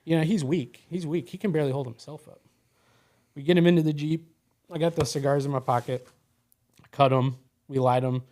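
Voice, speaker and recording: A man's voice: a little high, fairly even intonation, brisk, pauses often, a little mellow. A man as a podcast guest, telling a personal story in a loose, casual way, full of "you know" and "like".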